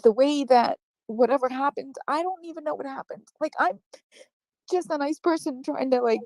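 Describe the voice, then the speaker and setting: Woman guest on a stream panel; defensive, rambling, apologetic; voice sits a bit high, dry close mic. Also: moderate pace, a little mellow, no echo, poor audio. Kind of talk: live-stream panel chat.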